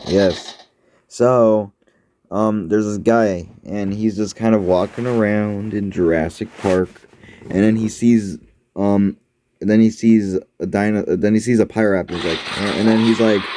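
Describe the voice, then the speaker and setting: A man's voice: on the low side, steady tone, a little slow, dark tone, slight background noise. A man giving offhand, rambling commentary while playing an app game, full of fillers and restarts.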